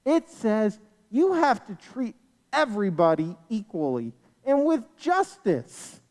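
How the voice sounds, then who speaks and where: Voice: mid-range voice, big pitch swings, takes it slowly, a little mellow, in a large hall. A storyteller voicing Moses as a wise, indignant old man in a children's story.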